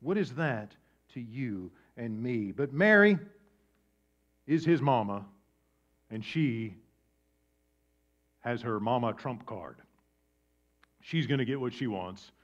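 A man preaching a sermon with dramatic swings from loud emphasis down to a hushed near-whisper. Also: mid-range voice, expressive, takes it slowly, pauses often. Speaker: pastor. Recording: dull lo-fi sound.

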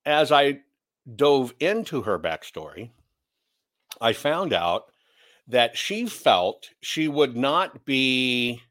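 A man's voice: mid-range voice, sing-song, takes it slowly, a bit bright. A man hosting an opinionated commentary show, blunt and sarcastic as he rants. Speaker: commentary host.

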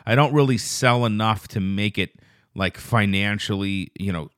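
A man hosting a casual solo podcast, telling a rambling, profane story that turns loud and quick when he gets indignant. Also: lowish voice, no room sound, clean studio sound. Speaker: podcast host.

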